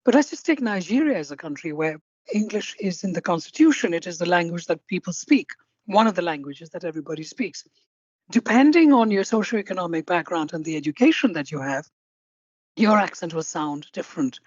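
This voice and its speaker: A woman hosting an interview podcast who speaks in a measured, deliberate way and sums up her guest's points. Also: lowish voice, expressive, darkish tone, breathy edge, no echo, highs cut off. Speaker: podcast host.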